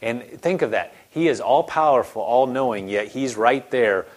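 A man's voice: medium pitch, moderate pace. A man preaching a sermon in an earnest, conversational way, acting out the voices he quotes. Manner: starts animated, later softens to a quiet gentle tone.

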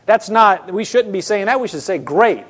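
A man preaching a sermon as a pastor, talking to the congregation in a lively, conversational way with quick restarts. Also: high-pitched. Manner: acts out quoted people in his own voice.

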